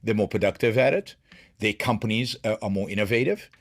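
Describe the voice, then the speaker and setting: Emphatic low-voiced man hosting a commentary show. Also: brisk. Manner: emphatic, with many restarts and repetitions. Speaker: show host. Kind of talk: solo political commentary.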